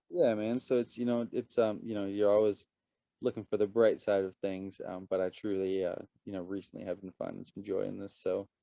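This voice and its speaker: A man as a podcast guest, a lively storyteller who swears casually in relaxed chat. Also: lowish voice, gravelly, no echo, lo-fi sound.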